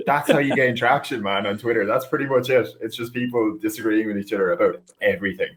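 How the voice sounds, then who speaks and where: A man's voice: lowish voice, fast talker, few pauses, a little hiss or hum. A man from West Cork with a Cork Irish accent, chatting casually as a musician guest on a podcast and filling his talk with "like". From West Cork, Ireland. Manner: chatty, laughs often, says "like" a lot.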